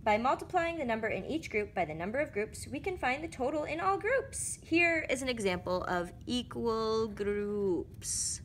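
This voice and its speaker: A woman's voice: fairly high pitch, very animated, normal speed, few pauses, a bit bright, slight background noise. A woman casually walking through math word problems, thinking aloud and correcting herself as she goes. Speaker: math explainer. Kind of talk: casual lesson walkthrough.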